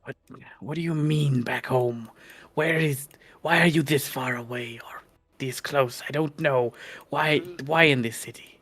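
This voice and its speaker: A proud lizardfolk warrior, as a man plays him in a live tabletop game. He is curt and clipped, with an impatient edge. The voice stays close to an ordinary man's speaking voice, at a middle pitch. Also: unhurried, fairly bright tone. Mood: exasperated. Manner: curt and exasperated. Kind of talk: live tabletop role-play.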